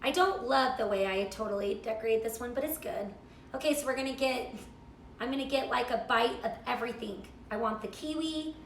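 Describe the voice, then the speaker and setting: A woman's voice: a little high, brisk, echoey room, a little hiss or hum. A middle-aged woman hosting a live cooking stream, chatting and gushing while she reads viewer comments. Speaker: cooking show host.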